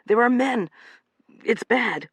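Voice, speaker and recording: Excitable young man, read by a male narrator; raised, eager calls. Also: very high voice, takes it slowly, vocal fry, slightly rough, dry recording, pitched above the performer's own voice, exaggerated voice. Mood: urgent, excited.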